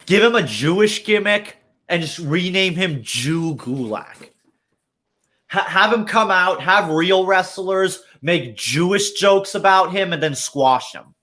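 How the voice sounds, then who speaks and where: A man's voice: sits high, animated, slow pace, sharp tone. A man hosting a livestream, ranting casually with lots of swearing and filler words. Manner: profane, rambling rant with many fillers. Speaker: livestream host. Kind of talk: casual chat.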